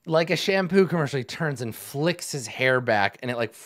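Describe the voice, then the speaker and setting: A man running a tabletop game, narrating in a loose, rambling way with lots of fillers. His voice sits at a middle pitch, and the recording is dry and close. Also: animated, normal speed, a bit bright, no room sound. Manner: casual, rambling with many fillers. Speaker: game master.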